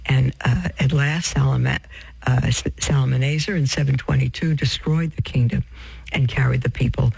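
A man's voice: medium pitch, fairly even intonation, moderate pace, creaky, darkish tone, husky, dry recording, rough recording. A man preaching, reading from a religious text and breaking off into asides to his listeners, whom he calls beloved. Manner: addresses listeners as beloved, reads with off-script asides and self-corrections.

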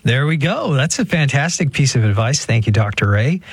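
A man from California hosts a radio pledge drive in a husky voice with a dry, close sound. He is chatty and self-deprecating and often pauses on an "uh.". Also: mid-range voice, lively intonation, dry recording. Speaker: radio host. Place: radio studio.

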